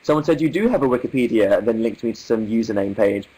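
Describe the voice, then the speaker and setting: A man's voice: fairly low pitch, animated, quick pace, dark tone, low-quality recording. A young English man hosting a casual livestream, reading viewer comments aloud with wry, amused asides in an articulate manner. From England. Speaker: livestream host.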